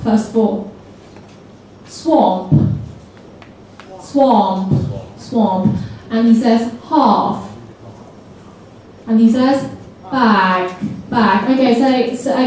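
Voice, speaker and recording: A woman's voice: high-pitched, a little hiss or hum. Woman presenting in an echoey hall. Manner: lively, coaxes the audience to repeat words aloud. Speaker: seminar presenter for teachers. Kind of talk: presenting a teacher training seminar. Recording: echoey hall recording from far off.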